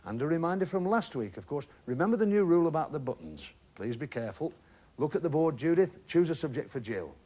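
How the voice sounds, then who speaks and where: A man's voice: on the high side, very animated, fast talker, dark tone. A middle-aged man hosting a TV game show in a studio, jovial and teasing, chatting with contestants. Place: TV studio with audience.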